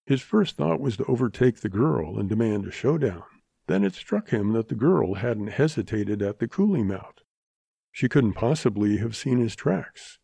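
Male audiobook narrator, low mellow voice, dry close recording, steady telling. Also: moderate pace, creaky, breathy edge, dry recording. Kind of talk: audiobook reading of a western.

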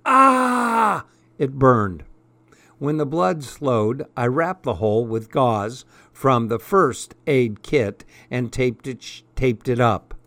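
A man narrating a first-person story in a measured, expressive audiobook style. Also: mid-range voice, dry recording.

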